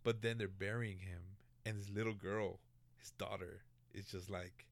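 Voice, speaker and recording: A man hosting a podcast in casual chat, talking with animated energy, swearing freely and stumbling over restarts. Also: lowish voice, moderate pace, no room sound. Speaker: podcast host.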